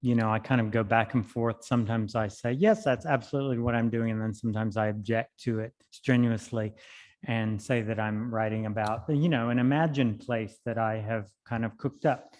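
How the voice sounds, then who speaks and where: A male poet giving a reading, speaking in an unhurried, thoughtful way between and through his poems. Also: mid-range voice, steady tone, darkish tone. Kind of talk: poetry reading with spoken commentary. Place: library hall. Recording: long hall reverb.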